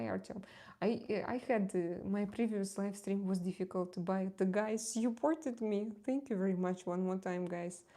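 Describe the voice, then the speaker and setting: This woman speaks in a mellow mid-range voice with vocal fry. Chatting casually on her live stream as a tarot reader, she's candid and confiding, laughs readily, and frequently hesitates or repeats words while hunting for the right ones.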